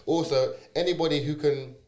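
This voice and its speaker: A young man, co-hosting a casual chat, quick and full of restarts. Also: on the high side, fairly even intonation, a little mellow, slight background noise. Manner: quick, restarts often, frequent agreeing. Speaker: podcast co-host. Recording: echoey room.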